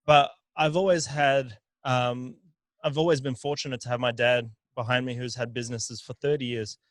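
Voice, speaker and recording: A man's voice: mid-range voice, fairly even intonation, normal speed, dry recording. A man in his thirties, a business owner telling his story on a podcast, often repeating words as he thinks. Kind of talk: casual podcast chat.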